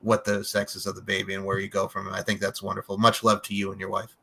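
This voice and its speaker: A man's voice: sits low, completely flat delivery, quick pace, creaky, sharp tone. A man hosting a casual podcast interview, chatty and loose, laughing often and swearing casually. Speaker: podcast host.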